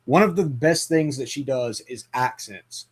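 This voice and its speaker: A man's voice: medium pitch, unhurried. A man hosting a casual movie chat, rambling with lots of fillers and restarts. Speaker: podcast host.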